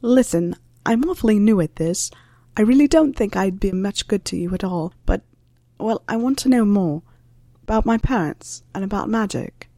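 Hesitant teenage boy, read by a woman, soft and unsure. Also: mid-range voice, lively intonation, moderate pace, no echo, clean studio sound.

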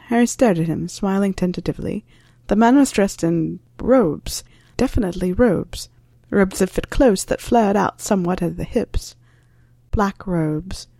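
Female narrator reading fiction aloud, even and dry. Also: medium pitch, vocal fry, dry recording. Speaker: reader.

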